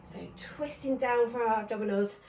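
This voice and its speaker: Counting reps in an encouraging, chatty way, a fitness instructor works out at home and grows breathless. Her slightly high voice is steady, a bit mellow, and moderately paced, picked up from a distance in an echoey room with a faint hiss or hum.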